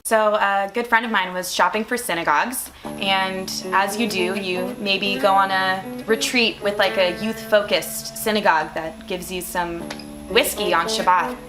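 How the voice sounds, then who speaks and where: A woman's voice: mid-range voice, steady tone, normal speed, over music, poor audio. A woman starting a stand-up story in a casual, conversational way.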